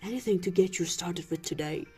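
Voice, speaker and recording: A young woman doing a lineup of game characters in a lower, theatrical voice. The reads are deliberate and stagey. Faint game music sits under the lines. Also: darkish tone, husky. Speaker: gameplay streamer voicing characters.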